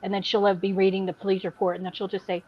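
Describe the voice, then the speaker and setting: A woman hosting a casual podcast chat, telling animated stories and laughing along. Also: mid-range voice, rapid-fire, muffled recording. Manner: animated storyteller, mimics people she describes. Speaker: podcast host.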